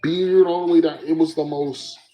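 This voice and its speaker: A young man hosting a casual solo podcast, telling stories in an animated way and often breaking into laughs. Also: fairly high pitch, normal speed, poor audio.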